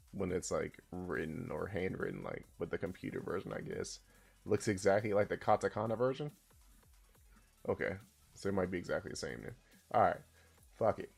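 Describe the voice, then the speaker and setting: A man streaming a casual language lesson, who swears in loud outbursts and reads chat aloud. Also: low-pitched, creaky. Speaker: streamer teaching Japanese.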